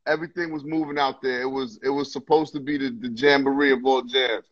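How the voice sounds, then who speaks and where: Animated man telling a story over a phone call. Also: mid-range voice, fairly quick. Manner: animated, swearing, repeats phrases. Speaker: interview guest. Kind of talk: casual storytelling on a livestream. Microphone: phone earbuds on a video call.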